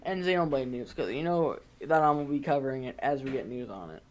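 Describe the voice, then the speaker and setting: This man's voice is mid-range, darkish in tone, and animated, and he talks fast. His casual video game commentary revisits his own old predictions in a chatty, self-deprecating way, with plenty of laughs and restarts.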